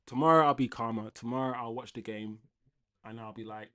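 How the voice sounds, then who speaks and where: A young man hosting a live football watchalong, ranting casually to his chat and swinging between loud outbursts and low muttering. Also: steady tone, fairly quick. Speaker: livestream football watchalong host.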